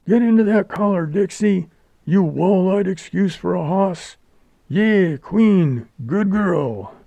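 A man's voice: high voice, expressive, takes it slowly, vocal fry, mellow, no echo, lo-fi sound, pitched above the performer's own voice, heavily acted. Man playing an old-West stage driver, raised and hollering, storybook reading. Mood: urging. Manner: hollering, coaxing horses.

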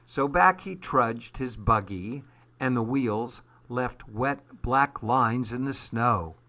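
A man reading a children's storybook aloud in a slow, measured way. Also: medium pitch, bright, forceful tone. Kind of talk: storybook narration.

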